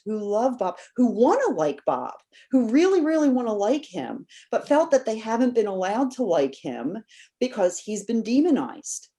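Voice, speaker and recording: Mellow-voiced woman telling a story. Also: on the high side. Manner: animated storyteller who acts out quoted voices. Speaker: podcast guest, biographer. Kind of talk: casual interview storytelling.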